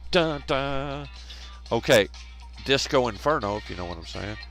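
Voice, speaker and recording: A man's voice: fairly low pitch, animated, a little fast, fairly bright tone, faint music behind. A man hosting a casual live stream, rambling, laughing often and bantering with viewers in chat.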